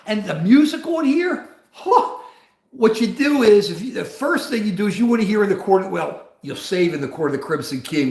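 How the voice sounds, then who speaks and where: A man's voice: sits high, fairly bright tone, echoey room. A man in his seventies hosting a casual livestream, rambling and arguing directly with viewers in chat. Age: 70s. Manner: argumentative, rambling, talks straight to chat. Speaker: livestream host.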